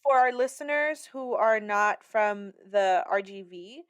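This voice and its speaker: A woman's voice: mid-range voice, unhurried, a bit bright, clean tone. Sassy woman, mid voice. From Rio Grande Valley, South Texas. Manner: sassy, emphatic, heavy "like" fillers. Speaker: podcast co-host, painter. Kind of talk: casual podcast chat.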